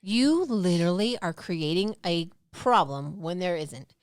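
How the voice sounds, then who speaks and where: A woman's voice: fairly low pitch, lively intonation, unhurried, no room sound, clean studio sound. A woman co-hosting a podcast, chatting frankly and swearing freely in a casual talk. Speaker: podcast co-host. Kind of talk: candid casual chat.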